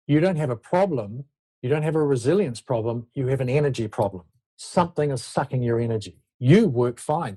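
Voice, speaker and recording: Husky man explaining ideas in an interview. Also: mid-range voice, dark tone. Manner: reflective, loose, self-interrupting explanations. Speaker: leadership expert guest. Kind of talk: conversational interview talk.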